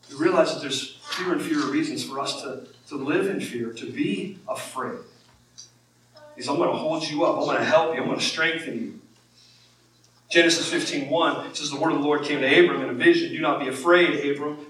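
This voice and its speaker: A man's voice: fairly high pitch, fairly bright tone, slight background noise. A man, a pastor, preaching a sermon in a conversational way that rises when he quotes scripture. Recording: echoey room from far off.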